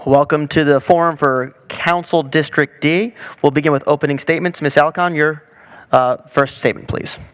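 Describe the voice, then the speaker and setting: A man moderating a candidate forum, brisk and lightly joking as he calls the candidates up and reads the questions. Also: on the high side, steady tone, fairly bright tone, clear, resonant tone. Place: large hall, public forum.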